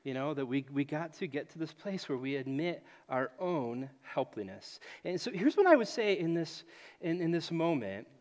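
A man's voice: a little high, moderate pace. A man in his late thirties preaching a sermon, telling stories and acting out voices, often repeating his phrases. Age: late 30s. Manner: animated storytelling, acts out voices, repeats phrases. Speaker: pastor. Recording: echoey hall.

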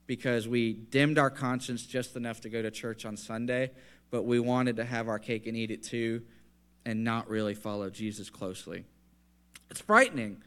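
A man delivers a sermon in an earnest, conversational tone. His voice sits on the higher side and rises as he presses a point home. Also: a bit bright. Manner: conversational, earnest preaching with rising emphasis. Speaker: preacher.

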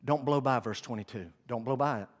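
A man preaching a sermon, telling the story with animated swings between hushed and loud. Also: medium pitch, brisk. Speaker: pastor. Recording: long hall reverb.

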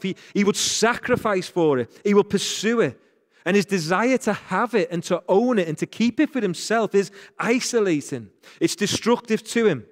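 A man's voice: high voice, long reverb tail. A man with a Northern English accent preaching a sermon as pastor, earnest and repeating phrases for emphasis.

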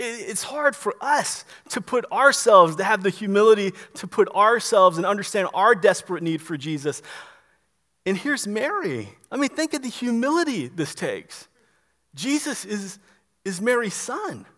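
A man preaching a sermon as pastor, earnest and emphatic, often stumbling into quick restarts. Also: high-pitched, very animated, fairly bright tone.

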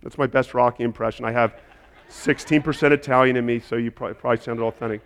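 A man preaching a sermon as a pastor, impassioned and building to loud, emphatic delivery. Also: medium pitch, fairly even intonation, fast, gravelly, in a large hall.

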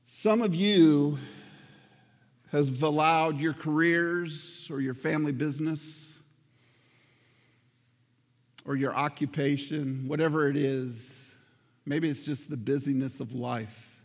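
A man's voice: fairly high pitch, steady tone, slow pace, long pauses, in a large hall. A man preaching a sermon as pastor, earnest and addressing the congregation directly, repeating words for emphasis. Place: church sanctuary.

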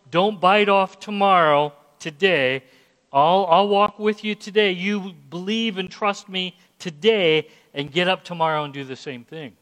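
A man with a high voice preaching at an unhurried pace. He talks earnestly and repeats words as he works through his points. His voice rings out with a long echo. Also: fairly bright tone. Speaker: pastor. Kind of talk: sermon.

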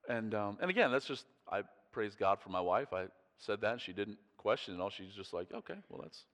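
A male pastor with a fairly low, slightly bright voice preaches in a chatty storytelling style, speaking a little fast and expressively. He often breaks off mid-thought and chuckles, and the recording carries a long hall reverb.

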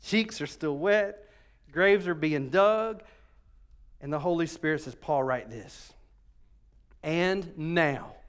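A man delivers a sermon. He swings from loud, emphatic lines down to soft, intimate ones as he preaches to his church. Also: a little high. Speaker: pastor.

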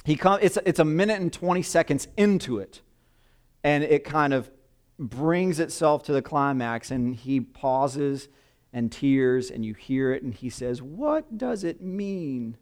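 A middle-aged man preaching a sermon in a conversational, halting way, with many fillers and restarts. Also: mid-range voice, clean tone. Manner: hushed, reverent when praying. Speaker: pastor. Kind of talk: sermon with prayer.

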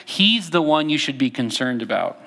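A man's voice: mid-range voice, sing-song, normal speed, vocal fry, pushed and bright. A young man preaching a conversational sermon, with frequent fillers and restarts as he reads scripture aloud. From Texas. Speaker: pastor.

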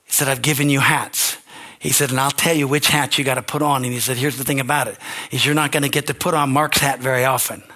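An older man, a pastor, preaching an earnest, emotional sermon that swings from quiet to shouting. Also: medium pitch, steady tone, fast talker.

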